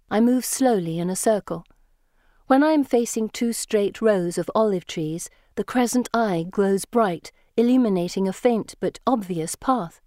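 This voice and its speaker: Woman audiobook narrator, measured and even, dry close recording. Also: mid-range voice, dry recording. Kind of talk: first-person audiobook narration.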